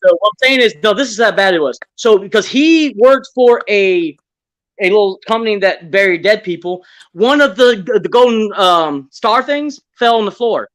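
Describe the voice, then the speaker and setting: A man's voice: high-pitched, lively intonation, moderate pace, fairly bright tone. A man on an online audio panel who beatboxes and then tells rambling, earnest stories. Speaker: panel guest. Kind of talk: beatboxing and casual chat.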